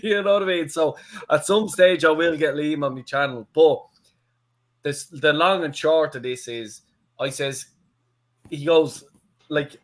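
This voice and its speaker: A man's voice: a little high, measured pace. A young Irish man, a channel host, telling a rambling story in casual chat with lots of fillers and swearing. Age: young adult. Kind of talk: casual anecdote.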